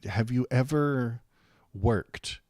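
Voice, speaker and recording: A man's voice: mid-range voice, drawn-out words, a little mellow, no echo, clean studio sound. A man hosting a live political stream, reacting in casual, rambling commentary that turns sarcastic and slips into muttered curses.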